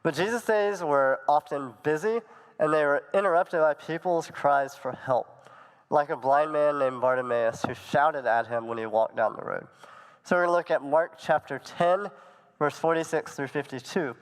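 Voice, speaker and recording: Young male youth preacher, smooth resonant voice, relaxed conversational sermon, long hall reverb. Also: a little high, normal speed. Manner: conversational, plain storytelling with fillers. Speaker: youth pastor.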